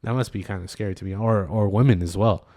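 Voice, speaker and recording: A laid-back man talks in casual podcast chat. His voice sits a little low, and he rambles along with plenty of fillers and trailing thoughts. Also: fast talker, warm tone. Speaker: podcast co-host.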